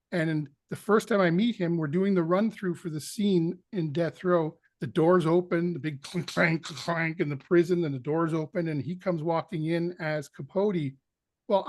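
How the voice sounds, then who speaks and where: Male actor guest, fairly high-pitched, dry close recording, animated storyteller. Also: no echo. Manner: animated anecdote teller, acts out quotes. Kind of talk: storytelling in an interview.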